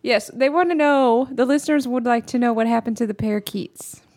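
A woman's voice: on the high side, fairly quick, a little mellow. A woman co-hosting a radio show, teasing and laughing often in bantering talk. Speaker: radio co-host.

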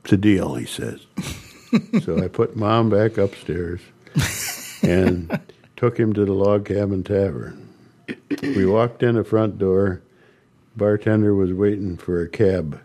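Slow, deep-voiced older man telling stories. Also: dark tone. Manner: slow, halting storyteller with chuckles. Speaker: interviewee recounting ministry. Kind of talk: storytelling interview.

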